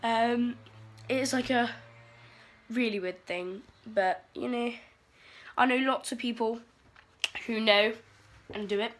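A woman's voice: a little high, fairly even intonation, takes it slowly, pauses often. A teenage girl rambling through a sweary, exasperated vlog rant. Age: teens. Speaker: vlogger. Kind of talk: casual ranting vlog.

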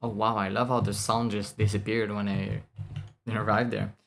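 A lowish-voiced man chats through a game stream, blunt and foul-mouthed, breaking into laughs as he reacts. A faint hiss sits under his voice. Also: level tone, normal speed, gravelly. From France. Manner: blunt and swearing, laughs often. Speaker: VTuber streamer. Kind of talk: casual gameplay commentary.

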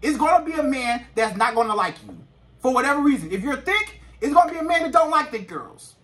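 Brief: male relationship vlogger, bright and high, emphatic and repetitive. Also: big pitch swings, brisk. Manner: emphatic, repeats points. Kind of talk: casual advice monologue to camera.

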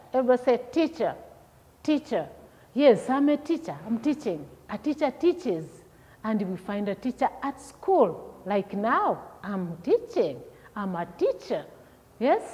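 A woman's voice: mid-range voice, darkish tone. A woman teacher leading a vocabulary lesson for young children, repeating each word and asking questions. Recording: long hall echo, dull lo-fi sound.

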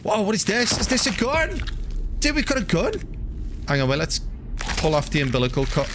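A man live-streaming a game, commenting in a crude, joking way with excitable outbursts. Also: high-pitched, fairly quick, pauses often, noisy background.

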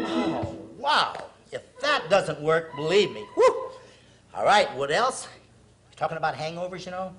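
With music playing behind him, a man with a rather high, sing-song voice leads a televised exercise class at a measured pace. He counts reps and urges viewers on, then slips into earnest, preachy heart-to-heart pep talks.

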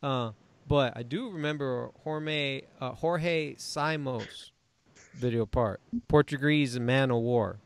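A man co-hosting a podcast in a relaxed, playful way, teasing his friends and often stumbling over his words. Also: medium pitch, takes it slowly, smooth. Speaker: podcast co-host. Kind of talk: casual chat.

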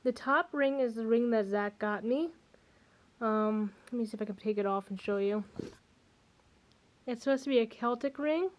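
A woman's voice: fairly high pitch, normal speed, long pauses. A young woman in her twenties, out of breath, chatting casually to her camera at home, rambling with many restarts. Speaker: vlogger. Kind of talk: casual vlog chat. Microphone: handheld camera mic.

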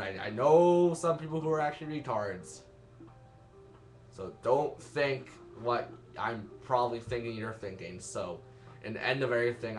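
A young man giving rambling, self-mocking let's-play commentary and laughing at his own jokes. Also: fairly low pitch. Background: game music.

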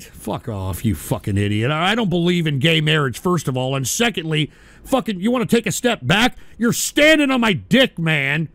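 A man hosting a live radio show, going off on angry, profane, shouting tirades. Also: fairly high pitch, sing-song, moderate pace, creaky, dry recording. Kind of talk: live call-in radio rant.

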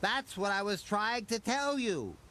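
Man doing a chirpy little engine voice, friendly, high and lively, music underneath. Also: measured pace, slight background noise, exaggerated voice. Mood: exasperated. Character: small cheerful narrow-gauge engine, helpful.

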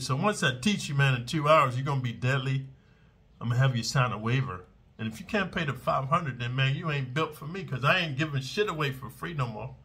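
A husky man with a bright, cutting edge talks to camera in raw, profane street slang. He is blunt and swaggering, drops "man" and "dude" constantly, and punctuates his points with shouted strike sounds. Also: medium pitch. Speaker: ex-convict giving prison survival advice. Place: in Manila.

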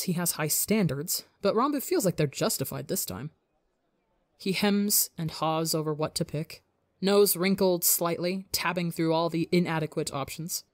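Calm woman narrating a story. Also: low-pitched, no echo, studio quality. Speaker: audiobook narrator. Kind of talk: reading fan fiction aloud.

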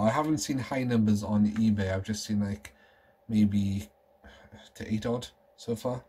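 A man's voice: fairly low pitch, mellow, husky. Rambling man, nostalgic show-and-tell. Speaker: collector vlogger. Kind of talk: casual show-and-tell chat.

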